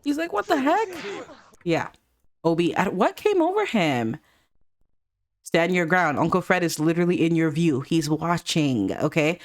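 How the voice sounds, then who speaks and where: A woman giving chatty, excitable commentary while playing a life-sim video game, jumping high when surprised. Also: measured pace. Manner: excitable, chatty, reacts with squeals and gasps. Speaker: let's play gamer.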